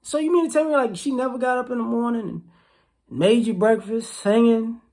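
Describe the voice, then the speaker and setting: A woman's voice: on the high side, fairly quick, a little mellow. A woman vlogger giving casual, teasing commentary, rambling and repeating herself.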